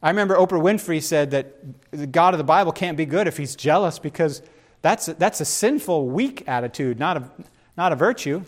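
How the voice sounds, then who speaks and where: A middle-aged man preaching in an animated, conversational way and often turning to his listeners with asides. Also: a little high, brisk. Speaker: pastor. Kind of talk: sermon.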